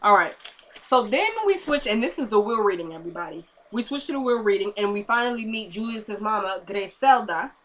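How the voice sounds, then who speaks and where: Bright-voiced woman recapping a TV episode. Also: fairly quick, a little hiss or hum. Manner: animated storytelling, quotes characters in lowered voice. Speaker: TV episode reviewer. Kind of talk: casual recap vlog.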